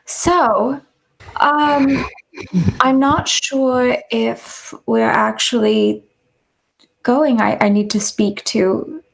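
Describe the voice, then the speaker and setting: A woman's voice: a little high, lively intonation, drawn-out words, gravelly, poor audio. A woman playing in character in a tabletop game, hesitant and unsure. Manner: hesitant, uncertain. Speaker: player.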